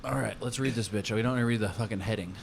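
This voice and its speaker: A man's voice: fairly low pitch, very fast, vocal fry, background noise. A man co-hosting a casual comedy podcast, teasing his partner with crude, blunt jokes. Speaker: podcast co-host.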